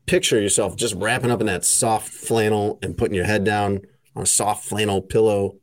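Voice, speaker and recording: A man's voice: lowish voice, fairly even intonation, moderate pace. A man hosting a casual podcast chat, teasing his co-hosts and reading an ad in an easygoing way. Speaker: podcast host.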